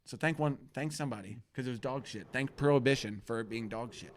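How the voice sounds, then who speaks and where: A man's voice: medium pitch, fast, slight background noise. A man hosting a live internet show, telling a rambling, profane, self-mocking story. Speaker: host.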